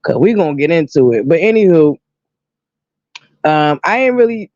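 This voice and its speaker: A woman's voice: low voice, lively intonation, moderate pace, dark tone, no room sound, lo-fi sound. A woman hosting a casual live stream, drawling and exclamatory, greeting viewers by name. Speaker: host.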